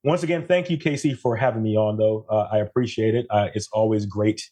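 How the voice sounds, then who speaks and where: A man's voice: lowish voice, brisk. A man from Jamaica, a photographer guesting on a podcast, talking animatedly in casual chat and often checking in with "right?". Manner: animated, tags statements with "right?".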